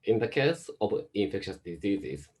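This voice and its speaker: A man's voice: lowish voice, normal speed, slightly rough. A man with a Japanese-Chinese-American accent, a doctor giving a science talk over a video call. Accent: Japanese, Chinese and American mix. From Japan, raised in Hong Kong. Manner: steady explaining, careful phrasing. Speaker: guest speaker, medical doctor.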